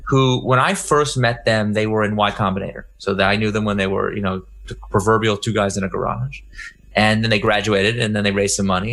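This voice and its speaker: A middle-aged man giving a conference talk, telling a story and acting out the dialogue in a raised voice. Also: fairly low pitch. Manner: animated anecdote, acts out dialogue in raised voice. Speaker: keynote speaker.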